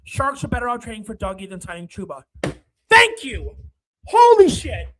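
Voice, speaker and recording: A livestream host ranting through casual hockey chat, exasperated, apologizing to viewers, then breaking into shouting. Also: medium pitch, expressive, slight background noise, poor audio. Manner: quick, run-on talk with apologies to viewers.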